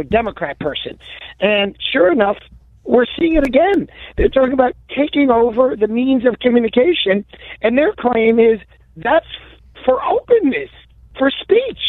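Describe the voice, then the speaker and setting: A man's voice: high-pitched, no echo. Sardonic man on a tinny phone line. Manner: articulate, sardonic, builds arguments. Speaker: guest commentator. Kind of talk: political commentary.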